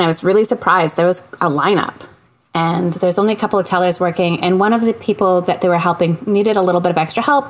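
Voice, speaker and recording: A woman from Canada telling a funny story in casual chat, animated, acting out the people she quotes and laughing often. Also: on the low side. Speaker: podcast co-host.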